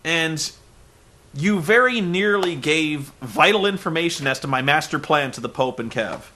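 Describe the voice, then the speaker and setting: A man's voice: on the high side, expressive, moderate pace, pushed and bright, a little hiss or hum. A man doing a curt, scheming wrestling boss. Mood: mocking.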